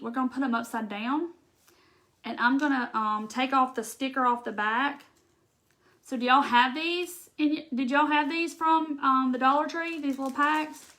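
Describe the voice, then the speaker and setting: A woman with a high-pitched, fairly bright voice hosts a craft livestream, chatting casually as she works. She's chatty and emotional, rambling with many restarts and tearful at times.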